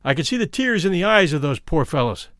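A man reading a first-person memoir aloud as an expressive storyteller, giving the quoted speakers their own lines. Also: a little high, a little fast, no echo, clean studio sound. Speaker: audiobook reader. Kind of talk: scripted memoir narration.

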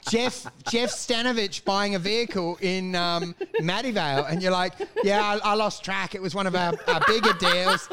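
A high, bright Australian man riffs through a comic bit, laughing as he acts out ridiculous scenarios. His voice is tense and forceful, with faint ambient noise behind him. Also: normal speed, hardly any pauses. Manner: riffing, laughing, acting out absurd scenarios. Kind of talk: casual comedic banter.

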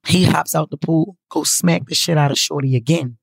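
A woman telling a story to her viewers in a casual, profane, animated way. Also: sits low, normal speed, vocal fry, slightly rough, dry recording.

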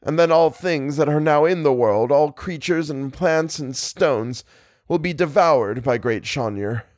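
A man voicing a frightened, broken scholar who speaks in halting, faltering, sobbing phrases. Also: fairly high pitch, a little mellow, no echo, clean studio sound, voice pushed up, natural voice. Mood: hushed. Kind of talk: audiobook character voice.

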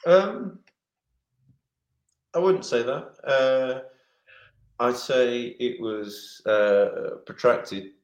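A man's voice: medium pitch, big pitch swings, very slow, long pauses. A middle-aged man, a former goalkeeper, telling rambling stories in casual chat, restarting sentences and acting out other people's lines. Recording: roomy echo.

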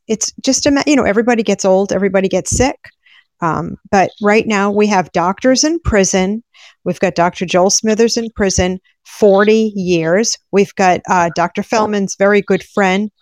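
Impassioned woman advocate, urgent and animated. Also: mid-range voice, no room sound. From Rhode Island. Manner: urgent, animated, quick bursts of speech. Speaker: patient advocate. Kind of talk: impassioned live-stream discussion.

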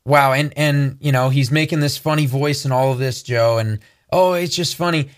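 A man's voice: medium pitch, steady tone, normal speed. A man co-hosting a Christian talk show, earnestly preaching and telling a personal story. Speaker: co-host. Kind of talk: preaching commentary.

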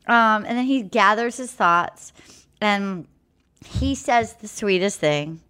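A woman's voice: mid-range voice, slow pace, clean tone. A woman hosting a casual chat, animatedly retelling a TV episode and acting out quotes. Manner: animated storytelling, acts out quotes. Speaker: podcast host.

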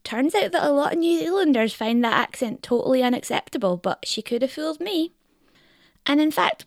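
A woman with a Scottish accent hosting a podcast in scripted narration, lively, wry and articulate. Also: on the high side, no echo, clean studio sound. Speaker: podcast host.

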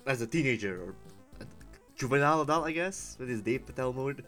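A man co-hosting a podcast, chatting casually about films with relaxed, dry jokes. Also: medium pitch, a little fast, faint music behind. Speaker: podcast co-host. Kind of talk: casual film chat.

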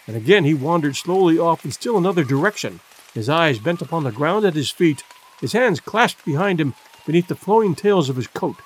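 A man narrating an adventure novel in a measured, expressive storytelling manner. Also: fairly high pitch, slight background noise. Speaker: audiobook narrator. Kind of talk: scripted narration.

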